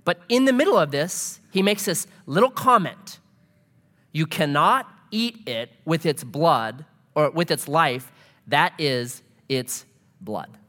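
A middle-aged man gives a sermon in a church hall, his voice pitched a little high and swinging widely up and down. He talks in a loose, conversational way, joking and telling stories as he preaches. A long reverb from the hall trails each phrase. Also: animated, slow, a bit bright. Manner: conversational preaching with humor and storytelling. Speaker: pastor.

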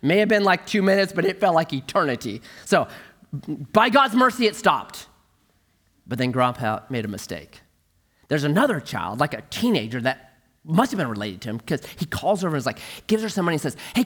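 A middle-aged male pastor preaching a sermon, telling a humorous story in an animated way. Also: a little high, brisk.

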